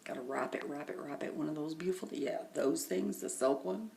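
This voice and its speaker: Worn out, a middle-aged vlogger describes her day in casual, meandering storytelling, her low, gravelly voice frequently dropping to a hushed half-whisper. She speaks briskly, and her phone camera picks up faint background noise.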